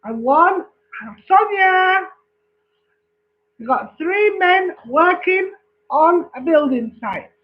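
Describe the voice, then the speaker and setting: A woman's voice: very high voice, lively intonation, slow pace, pauses often, lo-fi sound. An English woman telling jokes casually, chatty and checking in with her listener. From England. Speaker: joke teller.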